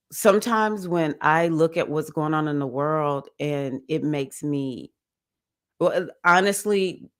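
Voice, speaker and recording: A woman hosting a casual spiritual livestream, chatting to viewers about astrology, laughing often and addressing them as y'all. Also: deep voice.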